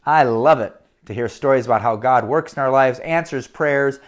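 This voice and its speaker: Animated man telling children a story. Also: medium pitch, moderate pace. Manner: animated, dramatic, speaks to children.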